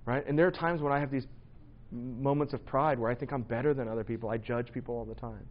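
A man's voice: mid-range voice, fairly even intonation, fast, dull audio. A man preaching in a church, casual and self-deprecating, talking to his congregation. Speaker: pastor. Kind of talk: sermon. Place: church hall.

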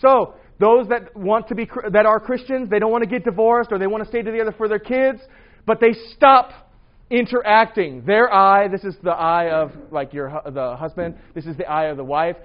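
Loud, animated preacher man, lo-fi sound. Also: sits high, moderate pace. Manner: loud, animated, joking asides. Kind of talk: casual sermon to young adults. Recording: dull lo-fi recording.

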